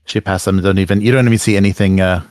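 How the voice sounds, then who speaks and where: A man running an online tabletop horror game as game master, laughing easily and talking in halting bursts. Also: deep voice, steady tone, a little mellow, clean tone, no echo, clean studio sound. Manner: laughs often, halting with fillers.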